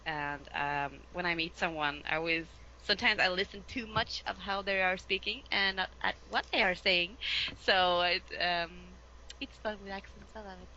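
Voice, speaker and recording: A lively Swedish woman, speaking English as a second language, chats as an interview guest. Her voice is low-pitched and bright, with a crisp edge. The audio is slightly dull and lo-fi, with a faint hiss behind it. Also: moderate pace. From Sweden. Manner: lively, laughs often, many fillers. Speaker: voice actress guest. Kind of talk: casual interview chat.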